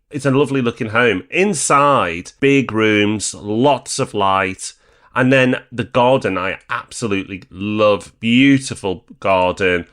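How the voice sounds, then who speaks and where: A man from northern England co-hosting a property podcast, calmly weighing up investment deals. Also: medium pitch. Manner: measured, weighing pros and cons aloud. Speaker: podcast co-host. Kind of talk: casual podcast discussion.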